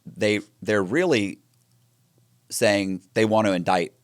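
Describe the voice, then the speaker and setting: Deep-voiced man telling a story. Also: takes it slowly, dry recording, clean studio sound. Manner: animated storyteller acting out quoted dialogue, frequent restarts. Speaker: interview guest. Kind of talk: storytelling interview.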